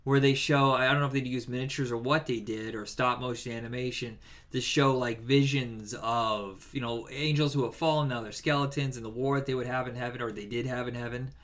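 A man co-hosting a podcast, talking through a film in loose, rambling, casual chat. He is enthusiastic and swears freely, and his voice sits at an ordinary middle pitch for a man. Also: fairly even intonation, a little fast, fairly bright tone. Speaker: podcast co-host. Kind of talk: casual movie discussion.

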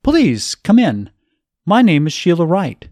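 A woman's voice: on the low side, sing-song, a little slow, warm tone, dry recording, studio quality. A man voicing a shy, lonely woman innkeeper in a storybook reading. She speaks in a hesitant, eager way.

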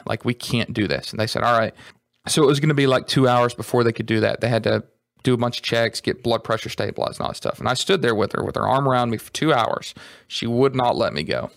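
A man hosting a podcast, retelling a painful family story in an earnest, halting way with many restarts. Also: mid-range voice, gravelly, no echo, clean studio sound. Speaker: podcast host. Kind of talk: personal storytelling.

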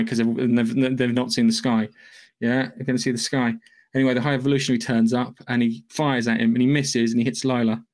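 A man's voice: mid-range voice, level tone, brisk, a little mellow. A man hosting a podcast, giving a loose, profane, rambling recap of a film's plot in casual chat. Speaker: podcast host.

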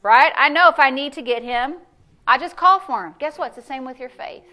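Female pastor, high voice, bright tone, lively sermon delivery with congregation call-outs. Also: fairly quick. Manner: animated preaching, calls and responses with the congregation. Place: church service.

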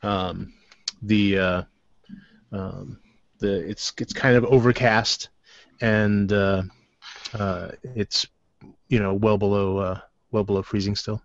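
A man narrating a tabletop game as game master, halting often with fillers and restarts. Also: on the low side, steady tone, gravelly, dry recording. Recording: dull, lo-fi and dry.

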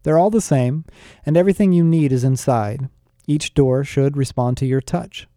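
Man doing a smug tour-guide rebel, lifted pitch, dark tone. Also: moderate pace, dry recording, studio quality, lightly acted. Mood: guiding. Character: calm smirking male rebel guide.

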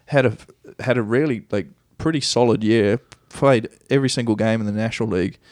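Kiwi man, podcast guest, low voice, dry close sound, casual storyteller who loops back on himself. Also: fairly quick, darkish tone, no room sound. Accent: New Zealand. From New Zealand. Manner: rambling, self-correcting anecdotes with easy laughs. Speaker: guest soccer player.

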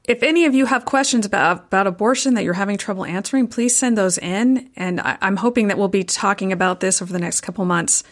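A woman host speaks in a calm, measured way and sounds reassuring as she explains. Her voice has a moderate, middle pitch. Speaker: podcast host.

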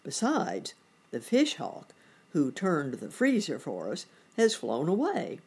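A woman voicing a kindly, fussy old gentleman rabbit in a storybook reading. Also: sits low, wildly swooping pitch, slow, breathy edge, full character voice.

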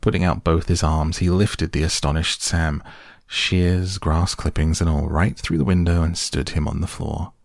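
A man narrating an audiobook in a steady, unhurried storytelling manner, close to the mic. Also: low-pitched, vocal fry, no room sound. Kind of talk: scripted narration.

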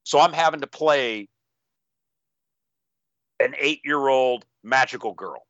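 A man's voice: mid-range voice, takes it slowly, no room sound, dull audio. A man who runs tabletop games, telling stories in casual chat and slipping into playful voices. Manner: animated storytelling with playful voices. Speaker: game master and podcast co-host.

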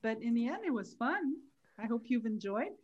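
A woman's voice: fairly high pitch, sing-song, moderate pace, a little mellow, husky, muffled recording. Chatty woman host, nearly fifty. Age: 40s. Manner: chatty, laughs easily, trails off. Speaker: podcast host. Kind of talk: casual podcast chat.

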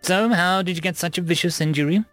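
A man voicing a young woman healer who talks in a quick, dryly teasing way. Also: sits high, a bit bright, dry recording, soft background music, pitched above the performer's own voice.

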